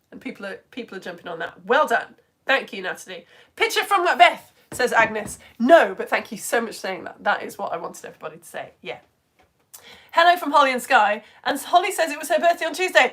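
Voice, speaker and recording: Woman, high lively voice, chatty, excitable, reads live comments, laughs a lot. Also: breathy edge. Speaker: educator reading live comments. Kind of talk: casual live-stream chat.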